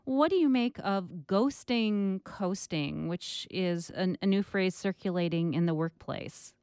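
A woman's voice: medium pitch, animated, a little slow, a little mellow, clean tone, dry recording, clean studio sound. A woman hosting a radio interview, asking composed questions. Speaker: radio host.

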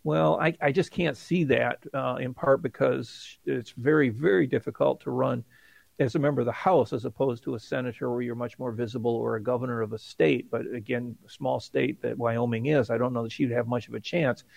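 Middle-aged male professor, gravelly voice, measured analyst on dry radio audio. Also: mid-range voice, fairly even intonation, darkish tone, no room sound. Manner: measured, thinking aloud with restarts. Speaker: political science professor, guest expert. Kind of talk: radio interview commentary.

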